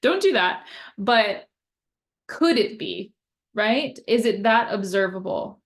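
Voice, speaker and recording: A woman's voice: medium pitch, expressive, takes it slowly. A young woman occupational therapist explaining communication skills in a casual, conversational way, often checking in with "right?" and acting out example phrases.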